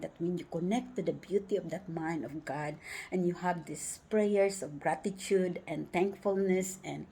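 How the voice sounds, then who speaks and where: A woman's voice: mid-range voice, dark tone, slightly rough. A woman telling a personal travel story in a spiritual vlog, effusive and devout, rising to joyous exclamations and dropping to whispers. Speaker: vlogger.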